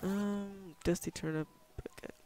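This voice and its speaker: A man's voice: high-pitched, fairly even intonation, unhurried, warm tone, a little hiss or hum. A young man playing a game at home, casually reading its text aloud and swearing now and then. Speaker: gamer. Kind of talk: casual let's play commentary.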